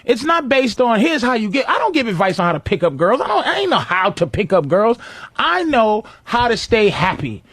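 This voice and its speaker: A man's voice: very high voice, big pitch swings, moderate pace, a bit bright, dry recording. A man hosting a radio talk show, rambling through a profane, laugh-filled story in a casual studio chat.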